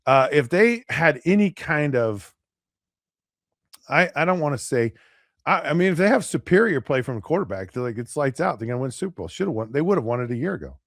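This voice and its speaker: A man co-hosting a casual sports talk show, rambling with many restarts and acting out players and pundits in quick asides. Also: fairly high pitch, big pitch swings, no room sound, studio quality. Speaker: podcast co-host.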